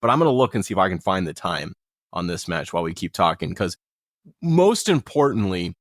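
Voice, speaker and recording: A man with a lowish voice co-hosting a casual podcast, excitable and quick to joke and curse. The sound is dry and close, with no room around it. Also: dry recording. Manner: excitable, joking, swears freely. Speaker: podcast co-host. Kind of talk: casual chat.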